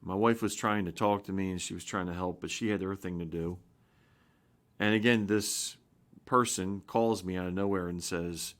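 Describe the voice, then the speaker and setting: A man's voice: deep voice, moderate pace, fairly bright tone. A man in his fifties, a pastor giving an informal spoken sermon, earnest and rambling, with frequent restarts and rising emphasis. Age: 50s.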